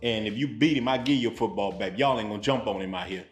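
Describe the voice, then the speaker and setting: A man's voice: on the low side, fast, roomy sound, faint music behind, natural voice. A man voicing his firm, streetwise stepfather laying down the rules. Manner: blunt, steady.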